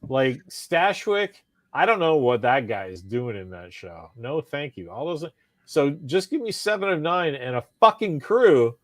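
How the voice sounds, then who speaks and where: A man co-hosting a casual podcast chat, animated and profane, often laughing. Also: mid-range voice, a little slow, no room sound. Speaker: podcast co-host.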